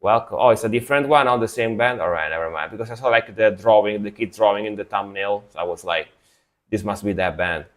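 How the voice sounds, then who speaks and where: A man's voice: fairly low pitch, quick pace, hardly any pauses. A young man from Italy casually chatting to his live-stream audience, sleepy after a nap and rambling in a laid-back way. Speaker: streamer reacting to music.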